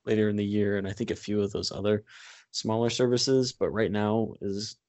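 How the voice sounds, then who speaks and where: A man's voice: on the low side, flat delivery, moderate pace, darkish tone, no room sound. Chatty man with a dry sound. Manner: loose and chatty, full of asides. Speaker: podcast co-host. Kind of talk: casual chat.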